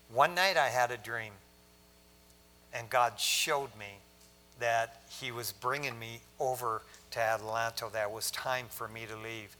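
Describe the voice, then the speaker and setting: Bright-voiced man telling his story from the pulpit. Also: medium pitch. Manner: conversational storytelling, acts out dialogue. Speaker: pastor. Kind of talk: sermon testimony.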